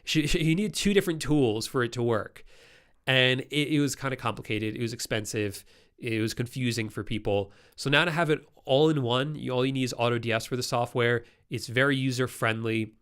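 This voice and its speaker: A man's voice: medium pitch, moderate pace, a bit bright, clear, resonant tone. Congested nasal man hosting a live Q&A. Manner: chatty, reads viewer questions aloud and answers them. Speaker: host of a live Q&A stream. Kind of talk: casual live-stream Q&A.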